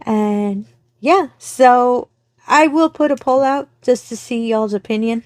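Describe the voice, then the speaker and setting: A middle-aged woman talks to her channel in a loose, rambling way, often stopping to fix her wording. Her voice sits a little high, and the sound is close and dry. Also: slow pace, a little mellow, dry recording. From Texas, US. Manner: rambling, self-correcting, friendly. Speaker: crafting channel host. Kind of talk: casual chat to viewers.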